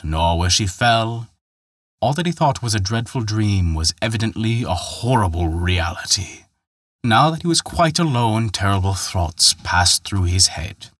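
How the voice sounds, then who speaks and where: A man's voice: fairly bright tone, dry recording, clean studio sound. A man narrating a folktale in a scripted, dramatic telling. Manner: dramatic, raises pitch and volume for quoted characters. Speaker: storyteller.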